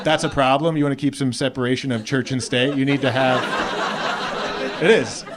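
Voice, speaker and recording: On a club stage, a young Australian man with an American accent performs stand-up at normal speed into a handheld mic. He's animated, jumping into high voices for acted-out quotes, and the live recording catches the audience laughing.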